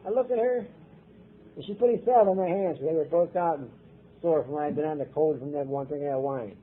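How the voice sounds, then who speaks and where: Older man from Ohio, husky and high-pitched, recovery speaker telling a rough personal story. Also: moderate pace. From Ohio, USA. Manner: blunt, profane storytelling. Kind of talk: personal testimony talk. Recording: tinny lo-fi tape recording.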